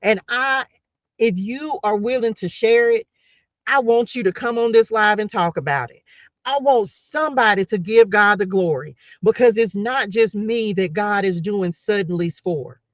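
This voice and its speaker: A woman's voice: mid-range voice, moderate pace, no echo. Woman fired up giving a spiritual message live, keeps repeating herself and hyping the chat, dull dry mic. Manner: passionate, repetitive, calls out to listeners and chat. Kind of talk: fervent preacher-like live-stream pep talk.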